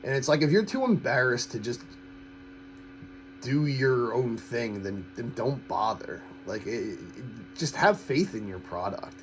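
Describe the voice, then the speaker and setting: A man talks through his film opinions in a loose, rambling way. His voice sits at an ordinary middle pitch. He stumbles over false starts and repeats himself as he makes his blunt criticisms, with faint noise behind him. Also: lively intonation, low-quality recording. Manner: halting, with frequent false starts and repeated words. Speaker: host of a film-ranking channel. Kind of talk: casual opinionated rambling review.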